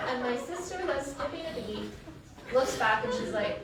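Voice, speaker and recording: A woman giving a eulogy for her sister, telling funny stories and laughing through them. She is heard from a distance in a very echoey funeral chapel. There is steady background noise under her voice. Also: fairly high pitch, normal speed. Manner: storytelling, laughing through memories. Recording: echoey hall from far off, noisy.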